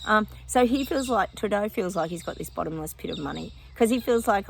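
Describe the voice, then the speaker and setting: A woman's voice: mid-range voice, expressive, a little fast, gravelly, hardly any pauses, slight background noise. A woman psychic vlogging her predictions outdoors in casual chat, often breaking off to talk to her dog.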